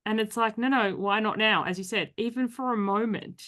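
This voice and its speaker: Woman podcast host, mid-pitched, chatty and laughing, casual conversation. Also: a bit bright. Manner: chatty, quick asides and frequent laughter.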